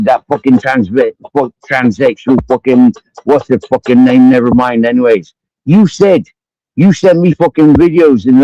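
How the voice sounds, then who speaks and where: A man's voice: mid-range voice, no room sound. A man with a Cumbrian accent ranting angrily at someone on a livestream, swearing constantly, repeating his accusations and drinking as he talks. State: drinking during the stream. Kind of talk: angry profane rant. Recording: dull lo-fi stream audio.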